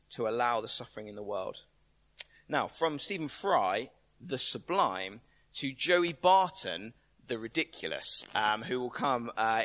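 A man preaches in a bright, forward voice at a middle pitch. He talks conversationally to the audience and presses his points with repeated rhetorical questions. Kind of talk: sermon.

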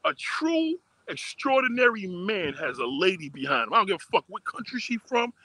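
A man's voice: high-pitched, very animated, normal speed, bright, forceful tone, dry recording. A man ranting profanely and emphatically on a livestream, repeating himself as he talks outdoors on a phone. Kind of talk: casual rant on a livestream.

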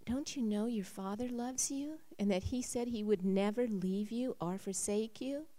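A woman voicing her husband as a gentle, patient man who speaks softly and calmly. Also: on the high side, moderate pace, lightly acted.

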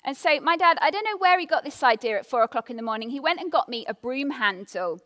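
A woman giving a devotional talk, reading scripture and telling a personal story with expressive emphasis. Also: high-pitched, fast, long reverb tail. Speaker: devotional speaker.

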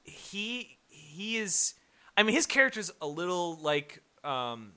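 Bright-voiced man in rambling movie chat. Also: high voice, sing-song, slow. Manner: rambling, profane, frequent fillers. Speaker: podcast co-host. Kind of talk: casual movie review chat.

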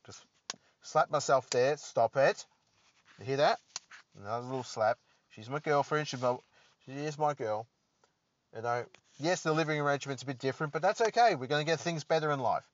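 A man's voice: mid-range voice, normal speed, pauses often, slight background noise. A man hosting a solo podcast, rambling and joking in a self-deprecating way. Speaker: podcast host. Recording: dull lo-fi dry recording.

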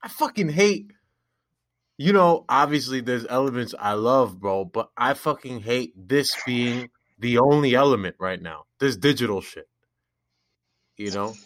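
A man's voice: mid-range voice, expressive, unhurried, dry recording, clean studio sound. A man hosting a podcast in casual chat, laid-back, laughing often and swearing casually. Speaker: podcast host.

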